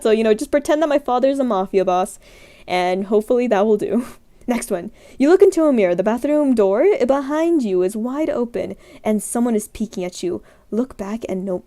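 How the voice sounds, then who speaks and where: Young female streamer, rambling giggly casual chat, soft mellow tone, slightly high. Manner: rambling, giggly, frequent "like" and "frick". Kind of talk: casual chat reacting to scenarios.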